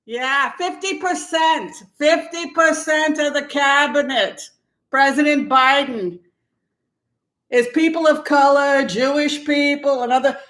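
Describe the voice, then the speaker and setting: A woman doing a comic impression of a rowdy female politician, whooping and shouting loudly. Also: high voice, takes it slowly, pitched above the performer's own voice. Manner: whooping, shouting, giddy and loud.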